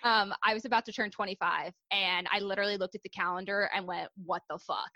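Bright, candid young woman chatting. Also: mid-range voice, steady tone, fast talker. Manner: chatty and candid, lots of ums and likes. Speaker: guest, fitness coach. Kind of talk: casual podcast interview.

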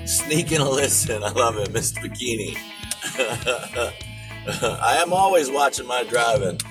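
A man hosting a political commentary show, ranting in an animated way and rising to shouts. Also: medium pitch, unhurried, over music, low-quality recording. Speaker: show host.

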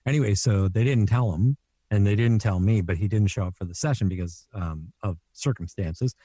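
A middle-aged man from Canada, a voice actor, telling animated stories in a casual interview and slipping into quoted voices. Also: on the low side, a little fast, no echo. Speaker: voice actor guest.

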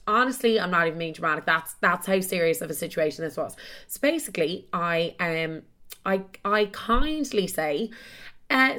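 A woman's voice: lowish voice, animated, normal speed, bright, forceful tone. A young woman hosting a podcast, telling a story in a dramatic, exaggerated way and swearing freely. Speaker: podcast host.

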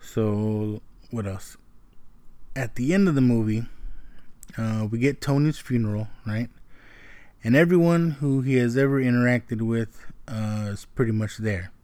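A man's voice: medium pitch, unhurried, a little mellow, dry recording. A man giving a casual, rambling movie review, often tagging his points with "right?" and swearing freely.

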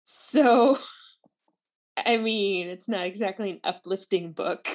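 A woman co-hosting a podcast, chatting about books in a relaxed, candid way. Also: medium pitch, slow. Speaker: podcast co-host. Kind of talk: casual book chat.

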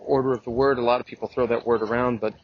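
Husky guy musing while he walks in the park, dull lo-fi sound. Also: mid-range voice, level tone, rapid-fire, no echo. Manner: reflective and easygoing. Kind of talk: casual spoken tribute. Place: outdoors in a city park, walking. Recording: dull lo-fi outdoor recording.

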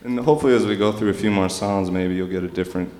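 A man guesting on a radio show as a band member, speaking in a measured, deadpan way. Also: on the low side, a crowd in the background. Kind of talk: casual interview answers. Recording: echoey with long reverb.

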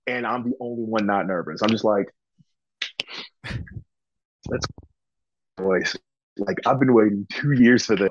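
A man from Georgia, a pro wrestler, telling his story in a relaxed interview, full of ums and acted-out quotes. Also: on the low side, measured pace, pauses often, dull audio. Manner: relaxed, chatty, frequent ums, acts out quoted dialogue. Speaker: guest, professional wrestler.

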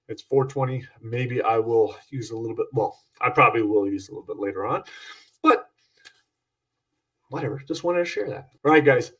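A man hosting a podcast, chatting in a rambling, easygoing way. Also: mid-range voice. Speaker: podcast host. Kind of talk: casual podcast chat. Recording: voice sits far from the mic.

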